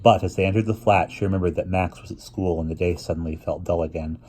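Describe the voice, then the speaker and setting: A man reading a children's novel aloud, unhurried, with occasional restarts. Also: low voice, steady tone, darkish tone, slightly rough. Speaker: reader.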